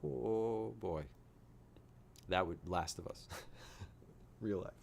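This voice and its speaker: Deep-voiced excitable reaction streamer. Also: male voice, drawn-out words, creaky, a little hiss or hum. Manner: excitable, rambling, swears, laughs often. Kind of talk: live reaction commentary.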